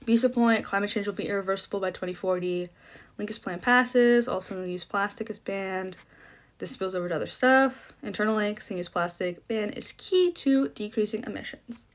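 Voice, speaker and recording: A woman's voice: medium pitch, moderate pace. A young woman coaching debate, explaining in a casual, chatty way with many fillers and restarts. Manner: chatty, self-deprecating, lots of fillers and restarts.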